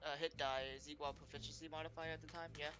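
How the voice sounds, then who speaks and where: A man with a fairly high voice chats as a player at a tabletop game, casual and joking and a bit unsure. Clear music plays behind him. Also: flat delivery, fast.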